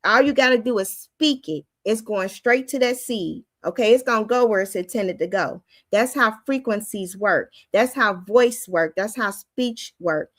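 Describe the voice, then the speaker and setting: A woman with a high, youthful-sounding voice giving an informal spoken teaching on faith, preacherly and often acting out the voices she quotes. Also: unhurried, hardly any pauses, no room sound.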